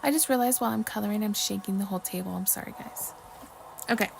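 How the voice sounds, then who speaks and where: Talking very fast in a gravelly, medium-pitched voice, this livestream host crafts as she chats with her audience, reads trivia and keeps saying sorry. At times she's got a mouthful of chocolate. Soft music sits in the background of a rough recording.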